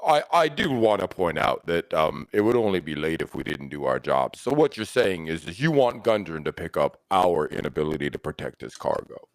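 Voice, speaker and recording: A man's voice: deep voice, very animated, a little fast, few pauses, dry recording, poor audio. A man voicing a haughty, wealthy young lord who speaks pompously and brushes off talk of money. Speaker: tabletop player.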